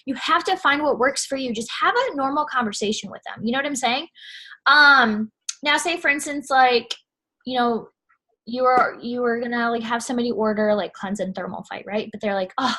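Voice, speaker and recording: Bright, chatty young woman. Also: fairly high pitch, normal speed. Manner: chatty, fillers like "you know what I'm saying", animated quoting. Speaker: network marketing seller. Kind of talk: casual advice vlog.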